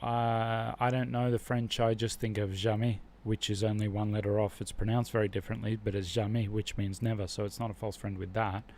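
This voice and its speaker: Australian male streamer, low voice, thinks out loud over flashcards with a faint hiss behind. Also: little pitch movement, a little fast, hardly any pauses. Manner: muses aloud while reviewing flashcards. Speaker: livestream host learning Spanish. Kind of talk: casual livestream chat.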